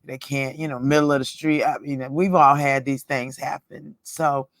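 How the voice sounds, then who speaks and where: A middle-aged woman telling a personal story in a casual storytime vlog, rambling and halting, often breaking into laughter. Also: rumbling low, steady tone, dry recording. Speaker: roadside assistance worker.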